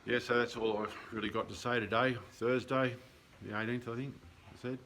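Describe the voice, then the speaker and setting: A man's voice: mid-range voice, steady tone, fairly quick, a bit bright, slight background noise. A middle-aged Australian man rambling earnestly through a casual video diary, with lots of ums and blunt, sweary asides. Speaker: vlogger keeping a lockdown diary.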